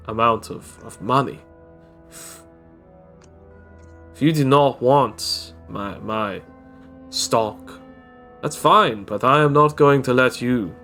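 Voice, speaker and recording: A man voicing a haughty male shopkeeper with a put-on foreign accent, speaking formally and condescendingly with halting pauses. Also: medium pitch, sharp tone.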